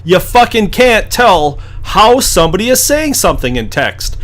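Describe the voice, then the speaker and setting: High, lively man ranting crudely. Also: normal speed. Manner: blunt, crude, emphatic ranting. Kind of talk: profane reaction commentary.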